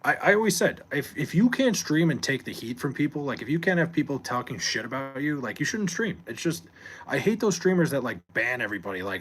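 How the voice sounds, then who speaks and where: Late at night at home, a man live streams into a desk mic, rambling loosely, swearing, and reading chat aloud. His medium-pitched voice is expressive, a little fast, fairly bright, and slightly rough.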